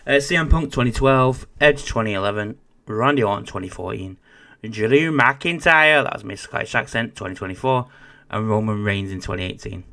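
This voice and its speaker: Low-voiced joking man, casual podcast host. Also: fairly quick, gravelly, a bit bright. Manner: joking, swears casually, reads out lists.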